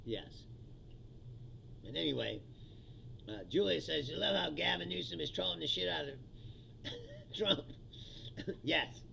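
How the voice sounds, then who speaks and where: A man rants on his livestream, swearing freely and breaking into laughter. His voice is pitched high and very gravelly, with a bright, forceful edge. Faint background noise sits under the talk. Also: animated, measured pace, pauses often, low-quality recording. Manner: profane, laughing, heated. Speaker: livestream host. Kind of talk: casual political rant.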